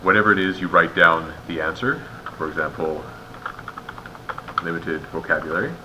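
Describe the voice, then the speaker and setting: Over a noisy background, a man with a low voice speaks at normal speed, methodically walking raters through each step as their instructor, explaining every point and asking rhetorical questions.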